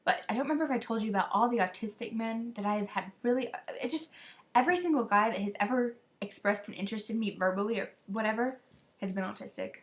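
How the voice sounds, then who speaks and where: A woman's voice: medium pitch, quick pace. A teenage girl talking into a webcam in a casual, rambling video message to a friend, gossiping and venting. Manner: rambling, gossipy, quotes others in exasperated voices.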